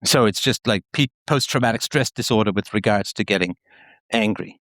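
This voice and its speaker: A man's voice: fairly low pitch, a little fast, no room sound. A man hosting a call-in show, talking frankly and probing the caller. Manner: frank, probing, lively delivery.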